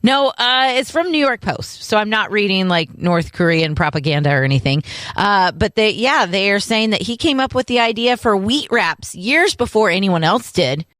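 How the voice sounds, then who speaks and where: A woman co-hosting a podcast in casual chat, playful and full of deadpan sarcastic jokes. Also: medium pitch, normal speed, few pauses, no echo, studio quality. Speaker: podcast co-host.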